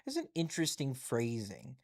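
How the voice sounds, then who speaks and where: A man's voice: mid-range voice, huge pitch swings, moderate pace. A man hosting a live stream, casually chatting and reading headlines aloud with musing asides.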